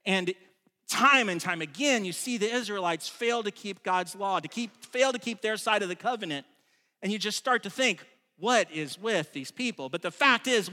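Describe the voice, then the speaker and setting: High, bright-voiced preacher in reverb. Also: male voice. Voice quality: conversational and emphatic, with restarts. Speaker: pastor. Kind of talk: sermon. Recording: long reverb of a large room.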